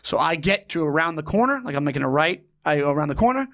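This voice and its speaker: A man hosting a podcast tells a story in an easy, casual way. His voice sits a little high. He acts out the other people's lines and laughs often. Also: animated, fast, fairly bright tone. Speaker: podcast host.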